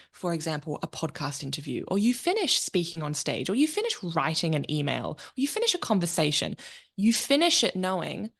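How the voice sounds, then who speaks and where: Candid, slightly low-voiced woman podcast host. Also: vocal fry, a bit bright. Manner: candid, reflective, laughs easily. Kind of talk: casual interview chat.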